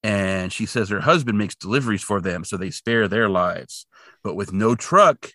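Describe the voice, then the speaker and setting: A man with a lively, swinging pitch and a bright edge talks through a TV episode in casual podcast chat. He is sarcastic and animated, and he acts out the characters' quotes. The sound is close and dry. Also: moderate pace, no echo. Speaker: podcast co-host.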